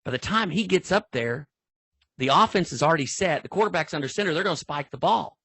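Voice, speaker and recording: An older man, speaking as a football official in a training talk. His husky voice rambles in a folksy way, with lots of restarts. The sound is close and dry. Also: fairly high pitch, animated, fast, a bit bright, no echo. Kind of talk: storytelling in an online training talk.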